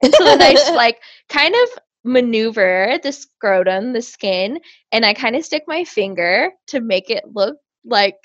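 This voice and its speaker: A woman's voice: a little high, sing-song, unhurried, no echo. A woman co-hosting a casual chat, telling a crude story with lots of laughing. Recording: dull lo-fi sound.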